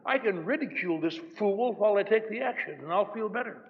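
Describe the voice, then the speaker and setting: A man's voice: sits high, expressive, quick pace. Older man telling a wry recovery story. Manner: wry, self-mocking storytelling. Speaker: recovery meeting speaker. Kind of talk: recovery meeting talk. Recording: dull old hall recording, faint hiss.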